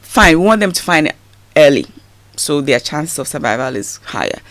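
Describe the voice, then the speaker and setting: A woman's voice: deep voice, normal speed, no room sound. A woman, a guest telling a personal story in a radio interview, acting out what people said. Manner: animated storyteller acting out quoted speech.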